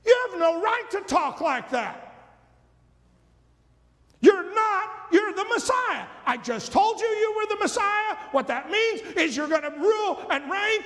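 A man voicing a brash, hotheaded male disciple who scolds his leader in a loud, pushy way. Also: very high-pitched, voice pushed up, heavily acted. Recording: long reverb of a large hall.

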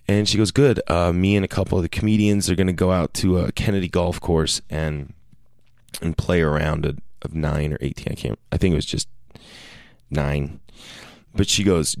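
A man's voice: low voice, fairly even intonation, moderate pace, dry recording, clean studio sound. A man telling a long casual story, rambling with many fillers and restarts and quoting people in raised voices.

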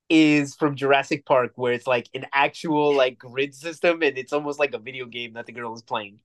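Brief: male co-host at mid pitch, loose rambling movie-review banter, jokes a lot. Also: steady tone, normal speed, few pauses. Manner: rambling, jokey, restarts often. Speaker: podcast co-host. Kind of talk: casual movie review chat.

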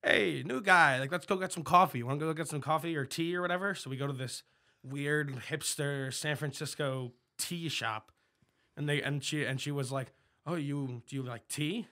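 A man's voice: fairly high pitch, moderate pace, bright, forceful tone. A young man in casual podcast chat, telling rambling stories with many restarts. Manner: rambling storyteller, many restarts and quoted voices. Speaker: podcast co-host.

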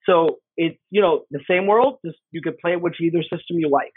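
Here a middle-aged game designer, appearing as a guest, chats casually at normal speed in a fairly high pitch with no echo. He's animated, acting out voices as he tells his stories. It sounds like a husky voice on a tinny phone line, dry.

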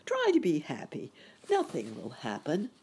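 Uncle Wiggily, a kindly old rabbit gentleman, read by a woman. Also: sits low, sing-song, measured pace, vocal fry, a little hiss or hum, heavily acted. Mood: jolly. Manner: cheerful, gentle.

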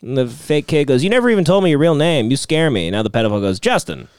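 A man hosting a comedy podcast, reading chat logs aloud in a deadpan way and often breaking into laughter. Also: mid-range voice, fast, clean tone, no room sound. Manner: deadpan narration broken by laughter. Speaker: podcast host.

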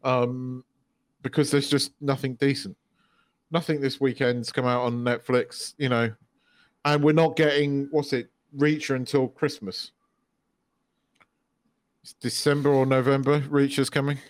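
A man's voice: medium pitch, level tone, unhurried, pauses often, no room sound. A man co-hosting a podcast, chatting casually and rambling with lots of restarts and swearing. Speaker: podcast co-host. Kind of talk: casual chat.

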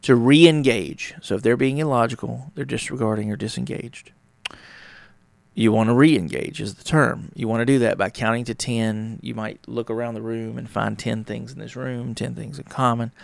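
A man's voice: medium pitch, steady tone, moderate pace, creaky, dry recording. A man hosting his own podcast, talking casually and rambling, sometimes acting out small dialogues. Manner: rambling, conversational, acts out little dialogues. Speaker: podcast host. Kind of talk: casual solo talk on relationships.

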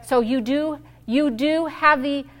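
A woman's voice: high-pitched, slow, a bit bright. A woman pastor preaching a fervent sermon and prayer, leading the congregation in call-and-response declarations.

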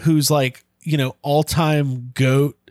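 A man's voice: fairly high pitch, level tone, takes it slowly, a little mellow, no room sound, clean studio sound. A man guest co-hosting a podcast, talking enthusiastically in a rambling, casual way. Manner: enthusiastic, rambling, restarts mid-thought. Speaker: guest co-host. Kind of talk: casual chat.

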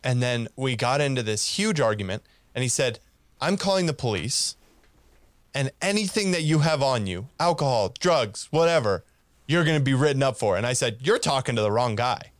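A man's voice: mid-range voice, moderate pace, no echo. Dry-sounding man telling a story. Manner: animated, laughs while telling, acts out quoted lines. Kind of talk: casual storytelling.

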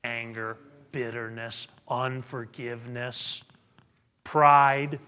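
A man's voice: mid-range voice, fairly even intonation, takes it slowly, pushed and bright, in a large hall, a little hiss or hum. A middle-aged male pastor preaching a sermon, reading scripture aloud and building to emphatic peaks. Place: church sanctuary.

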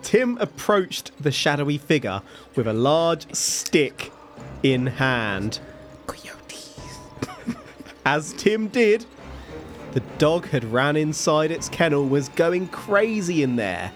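A man hosting a podcast, slowly telling a story between jokes and frequent laughter. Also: a little high, big pitch swings, faint music behind. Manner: slow, laughing, jokey storyteller. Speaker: podcast host.

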